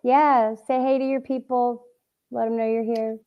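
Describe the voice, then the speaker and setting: A woman's voice: a little high, flat delivery, normal speed. A woman hosting a livestream in casual chat, teasing her guest and welcoming viewers. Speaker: livestream host. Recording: dull lo-fi stream audio.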